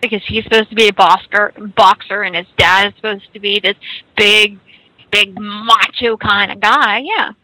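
A woman's voice: mid-range voice, fairly even intonation, moderate pace, bright, forceful tone, rough recording. A woman co-hosting a casual podcast discussion, earnest, often restarting her thoughts. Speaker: podcast co-host.

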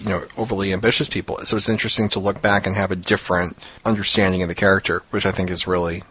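A man chatting casually on a fan discussion podcast, joking with wry asides and a slightly husky voice. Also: sits low, flat delivery, racing, pushed and bright, dry recording. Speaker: podcast co-host.

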